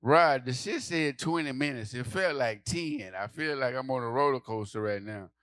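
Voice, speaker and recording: A man doing a stand-up comedy set, telling a story loudly and acting out the people in it, with lots of swearing. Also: medium pitch, normal speed, no room sound. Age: adult. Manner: loud animated storytelling, acting out characters, profane.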